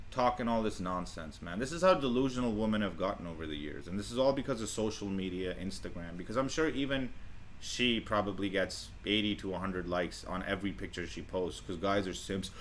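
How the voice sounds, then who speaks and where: A man reacting to clips with boastful, blunt commentary and plenty of swearing. His voice is bright and forward. He talks in a casual, cocky way. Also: fairly low pitch, lively intonation, normal speed, slight background noise.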